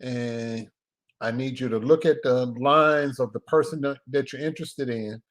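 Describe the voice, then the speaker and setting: A man hosting a casual live stream as a filmmaker, talking in a loose, joking way with laughs and drawn-out pauses. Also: medium pitch, steady tone.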